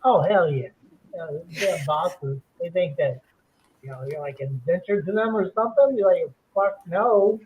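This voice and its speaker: A man's voice: a little high, expressive, moderate pace. A man speaking as a comedy panelist, blunt and complaining. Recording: tinny phone-like line.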